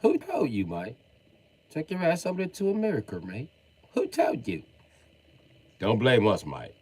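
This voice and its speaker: A man's voice: sits low, very animated, measured pace, breathy edge, voice pushed down, full character voice. A man voicing an indignant, mock-pompous English bloke, swearing in an exaggerated British put-on.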